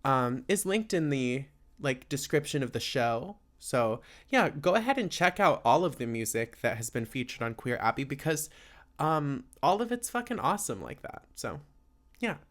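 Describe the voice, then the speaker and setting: A man's voice: medium pitch, big pitch swings, moderate pace, a bit bright. Rambling laid-back male podcast host. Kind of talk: casual solo chat.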